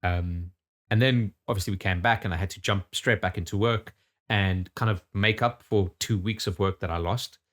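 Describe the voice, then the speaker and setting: A man's voice: low voice, normal speed, a bit bright. A man in his thirties from the UK, co-hosting a casual podcast chat, rambling with lots of restarts and casual swearing. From United Kingdom. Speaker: podcast co-host.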